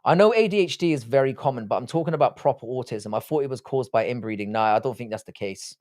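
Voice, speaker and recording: A young man sits at a desk mic hosting a live stream, reading and answering the chat in a blunt, crude, joking way while swearing freely. His voice is middle-pitched and a little mellow, and he talks quickly.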